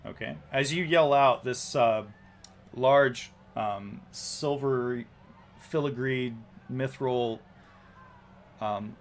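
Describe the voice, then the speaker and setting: A man narrating a tabletop game as game master, halting often with ums and restarts. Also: mid-range voice.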